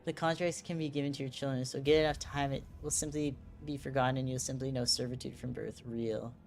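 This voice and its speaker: A woman's voice: very deep voice, fairly even intonation, fast, darkish tone, soft background music. A young woman streaming a game, chatting casually and reading its text aloud in character voices. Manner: reads lines aloud, attempts character voices.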